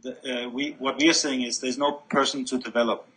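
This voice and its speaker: A man speaks as an interview guest in a bright, clear-edged voice. He thinks aloud, restarting his phrases often as he reaches for the next idea. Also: medium pitch, little pitch movement, poor audio. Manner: reflective, halting with many restarts. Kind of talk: spiritual conversation.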